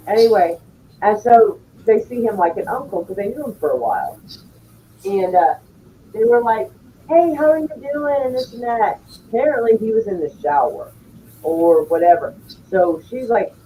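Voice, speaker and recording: A woman's voice: mid-range voice, warm tone, distant mic, a little hiss or hum, rough recording. Blunt, profane woman telling a story. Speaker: streamer chatting with viewers. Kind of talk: casual chat.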